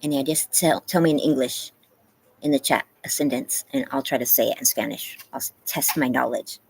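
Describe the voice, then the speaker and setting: A woman's voice: extremely low pitch, normal speed, gravelly, a little hiss or hum, rough recording. A woman hosting a casual live stream, chatting with viewers and reading the chat aloud, laughing often. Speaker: livestream host. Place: home, yard.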